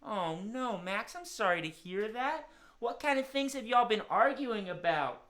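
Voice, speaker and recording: A man's voice: high voice, animated, a little slow, a bit bright. Cheerful man hosting kids' show. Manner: cheerful, talks straight to young viewers. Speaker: children's musician and host. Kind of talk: live-streamed kids' show chat.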